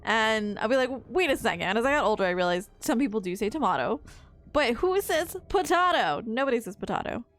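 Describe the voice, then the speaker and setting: A young woman with a slightly high voice, rambling through a live game stream. She talks casually and drifts off topic, breaking into swearing when something frustrates her. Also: animated, fairly quick. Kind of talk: casual live-stream commentary while playing.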